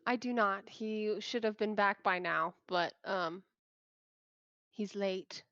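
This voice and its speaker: A woman playing a noble character in a tabletop game, answering softly and briefly. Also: mid-range voice, slow pace, no echo, highs cut off. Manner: soft-spoken, brief replies. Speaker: player.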